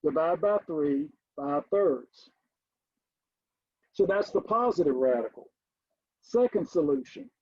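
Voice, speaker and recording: A middle-aged man, a college math instructor, giving a recorded lecture, stressing key points emphatically and addressing the class as ladies and gentlemen. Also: a little high, expressive, slow pace, long pauses, breathy edge, no echo, dull audio.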